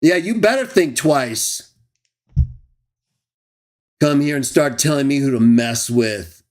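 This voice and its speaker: A man's voice: medium pitch, expressive, slow pace. A man hosting a live stream, ranting and mocking his critics with scornful laughs. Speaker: host of a live stream show. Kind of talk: heated live stream rant.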